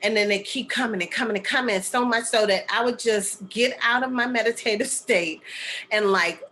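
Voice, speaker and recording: Bright-voiced chatty woman storyteller. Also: on the high side, normal speed, a little hiss or hum. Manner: chatty, many fillers and asides like "okay?" and "right?". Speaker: spiritual medium and healer sharing a story. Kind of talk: casual storytelling monologue.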